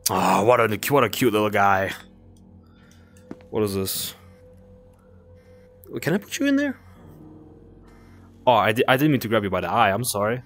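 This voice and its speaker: Excitable young man playing a game. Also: moderate pace, pauses often, soft background music. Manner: excitable, coos at the creature in a high baby-talk voice. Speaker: gaming video creator. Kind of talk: casual gameplay commentary.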